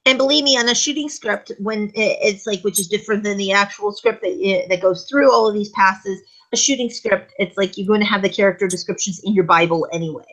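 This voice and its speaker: A woman's voice: medium pitch, brisk, few pauses, fairly bright tone, poor audio. A woman co-hosting a casual talk show, explaining at length and acting out short script examples. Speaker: co-host.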